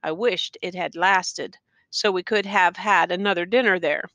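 A woman's voice: on the low side, normal speed, pushed and bright, dry recording. Woman reading as a boastful Western man. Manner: bragging, hearty. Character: boastful man from the West, old friend waiting.

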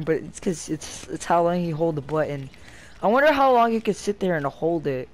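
A young man giving casual, rambling commentary while playing a fighting game, getting excited and shouting at the game. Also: on the high side, brisk, faint music behind. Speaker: gameplay commentator.

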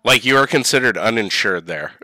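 A man's voice: mid-range voice, animated, moderate pace, pushed and bright, no echo. A man chatting casually while playing a video game, laid-back, swearing freely and laughing often. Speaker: let's play co-host. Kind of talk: casual gaming chat.

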